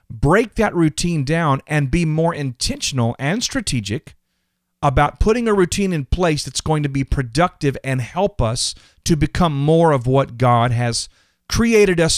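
Brief: male podcast host, earnest, emphatic delivery, slightly higher voice, dry close sound. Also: no echo. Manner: earnest and emphatic, often repeats words. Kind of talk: motivational faith podcast talk.

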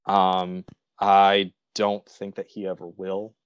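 An earnest man speaks as a guest on a casual podcast, picking his words slowly in short, halting phrases. His voice sits fairly low. The sound is dry and close. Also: monotone, clean tone, no room sound, muffled recording. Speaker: podcast guest, actor and writer.

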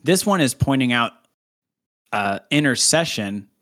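A man of ordinary pitch reads a scripture passage aloud on a casual podcast. He keeps it light, breaking off for jokes and laughing between verses. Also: big pitch swings, unhurried, fairly bright tone. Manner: playful, laughing, jokey asides while reading. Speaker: podcast co-host reading scripture. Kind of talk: casual chat with scripture reading.

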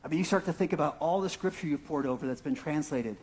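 A man with an Arizona accent delivers a sermon in a notably high speaking voice. He talks like he's chatting with friends, poking fun at himself and checking in with the listeners as he goes. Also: fast, darkish tone. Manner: conversational and self-deprecating, frequent "right?" and "okay?". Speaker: pastor.

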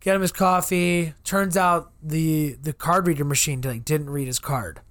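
At a measured pace, a podcast co-host with a fairly high, slightly bright voice and fairly even intonation tells a long, rambling story, recorded with no echo. He plays out customers in quotes during the casual chat and swears freely.

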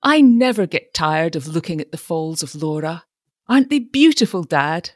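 A woman's voice: deep voice, sing-song, moderate pace, no echo, clean studio sound. A woman voicing an eager, breathless young woman.

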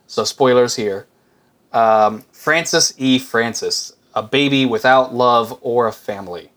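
A man's voice: mid-range voice, fairly bright tone. A man co-hosting a movie review podcast, talking in a wry, joking way with plenty of fillers. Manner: wry, dry humor with frequent fillers. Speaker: podcast co-host. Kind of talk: casual movie review chat.

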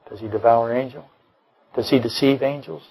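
A man's voice: medium pitch, steady tone, normal speed, creaky, dark tone, slightly rough, poor audio. A man preaching a sermon to his congregation as pastor, emphatic, with rhetorical questions and dry jokes. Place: church.

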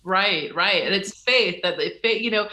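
Guest author, bright forceful voice, storytelling energy, roomy echo. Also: mid-range voice, normal speed. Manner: lively, acts out quoted voices, laughs often. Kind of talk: animated storytelling in conversation.

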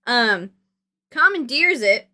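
Bright-voiced chatty woman recapping a film. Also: a little high, very animated, slow pace. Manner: chatty, storytelling, fills gaps with "like" and "um". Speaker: podcast co-host. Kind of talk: casual movie recap chat.

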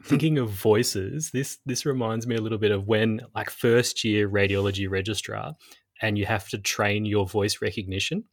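A man's voice: lowish voice, steady tone, normal speed, no room sound. A man hosting a casual podcast chat, joking and laughing often. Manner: jokey, laughs often, does silly voices. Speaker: podcast host.

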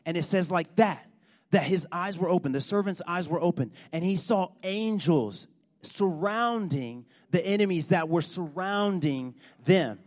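A man preaching a sermon, telling a story with animated, emphatic build-ups. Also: high voice, a little slow. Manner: animated storytelling, rising to loud emphatic points.

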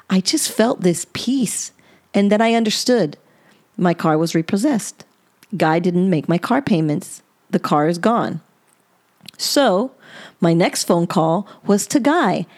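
A woman hosting a podcast, telling a personal story in a casual, animated way, her pitch jumping up at the dramatic moments. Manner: animated, chatty, with sudden rises in pitch. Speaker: podcast host.

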